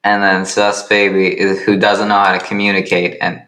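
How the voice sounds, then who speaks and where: A man improvising comedic narration for his own animated series, rambling and making self-deprecating asides. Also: low voice, normal speed.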